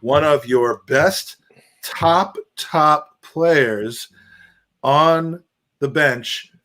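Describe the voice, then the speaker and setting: A man's voice: fairly high pitch, extremely slow, a bit bright. A man co-hosting a casual football chat, rambling and thinking aloud with restarts.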